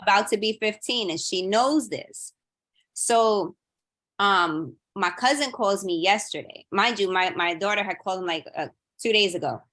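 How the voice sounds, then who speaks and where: A woman in her thirties shares a story in a relaxed podcast chat, her voice bright and forward. She slips into the people she quotes, making them come alive as she goes. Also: medium pitch, moderate pace. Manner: animated storyteller, acting out quotes. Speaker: audience member sharing a story. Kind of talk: casual chat.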